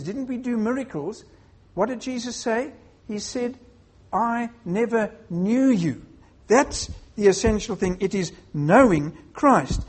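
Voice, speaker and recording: A preacher giving a sermon to a congregation in a measured way, posing rhetorical questions. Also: medium pitch, a little mellow, breathy edge.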